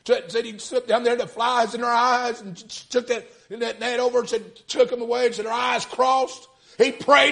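Gravelly preacher, fervent storytelling. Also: male voice, very high-pitched, fairly even intonation, normal speed. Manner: retells stories in folksy speech, builds to fervent shouting. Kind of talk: storytelling sermon.

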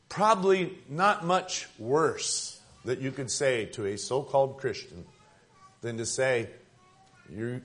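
A man preaching a sermon in a conversational yet emphatic way, building up to forceful points and dropping to quiet asides. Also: medium pitch. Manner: emphatic, conversational preaching with rising and falling intensity.

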